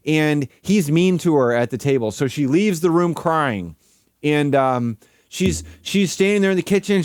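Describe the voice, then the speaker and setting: A man's voice: fairly high pitch, clean tone, dry recording, clean studio sound. A man streaming live, ranting casually in a rambling, profane way full of "like". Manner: rambling, profane, heavy use of "like". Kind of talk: casual livestream rant.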